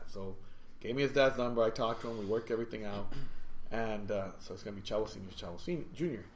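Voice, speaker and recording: A man hosting a podcast from his store, telling rambling, animated anecdotes in casual chat. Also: on the low side, fast. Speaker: podcast host and store owner. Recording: echoey room.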